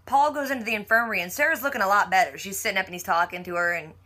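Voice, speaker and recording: Sharp in tone and racing along, a woman with a mid-range voice casually recaps a TV episode, peppering it with "like" and teasing imitations of what the characters said.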